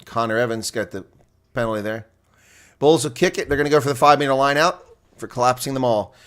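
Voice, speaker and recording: A man with a mid-range voice gives fast, live play-by-play reactions to a rugby match, leaping up excitedly whenever a big play happens.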